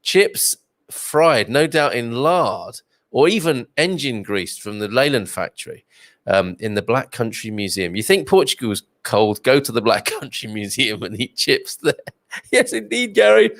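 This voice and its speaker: A male host with a lively, swooping delivery, reading viewer comments and wandering off into chatty asides. His voice sits at an ordinary pitch and sounds close and dry. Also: normal speed, dry recording. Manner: chatty, rambling, reads comments aloud with asides. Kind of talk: live-stream chat reading viewer comments.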